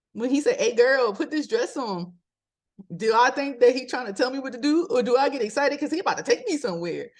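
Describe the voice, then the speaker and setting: Middle-aged woman host from Maryland, casual and animated, pitch leaps for emphasis, laughs a lot. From Maryland, USA. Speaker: podcast host. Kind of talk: casual motivational talk.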